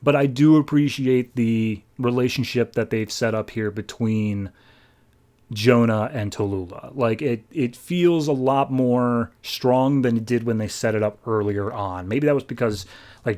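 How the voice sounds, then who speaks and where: A man's voice: on the low side, darkish tone. Chatty man recapping comics. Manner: chatty, paraphrases characters in quick asides. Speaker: podcast host. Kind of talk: casual comic book recap.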